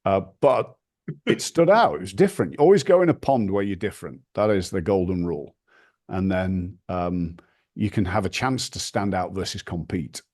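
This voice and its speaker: A man from the north of England with a northern English accent, a podcast guest telling lively anecdotes and swearing casually. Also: sits low, moderate pace. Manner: animated anecdotes, acts out quoted voices, swears casually. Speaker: podcast guest, brand founder. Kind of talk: storytelling interview.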